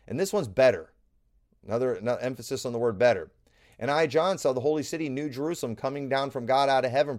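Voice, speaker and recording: A man preaches as a pastor, his voice sitting at an ordinary middle pitch. He drives each point home by repeating it. The delivery is a steady sermon-style Bible teaching. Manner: emphatic, repeats key lines.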